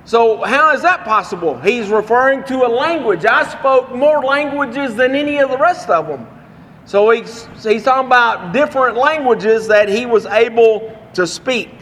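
A man from Texas with a Texan accent, preaching a sermon with folksy stories and slowing down to read scripture. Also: very high voice, animated, a bit bright, big-room sound, slight background noise.

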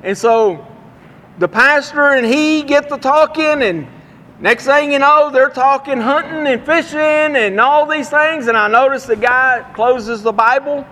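A man with a very high, bright voice preaches a revival sermon and tells his story in a folksy, plain-spoken way. His words ring out with a long reverb, as in a church sanctuary. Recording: long reverb of a large room.

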